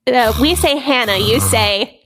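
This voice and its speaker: A young woman co-hosting a podcast, talking in a relaxed, informal way and laughing easily. Her voice sits fairly high for a woman. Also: a little slow, noisy background. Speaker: podcast co-host. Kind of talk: casual chat.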